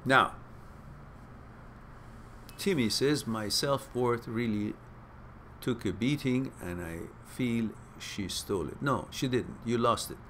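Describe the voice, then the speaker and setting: This live-stream host reads out questions from viewers and fires back blunt advice full of swearing, like an animated pep talk. His voice is lowish, there's slight background noise, and the tone is a casual advice chat.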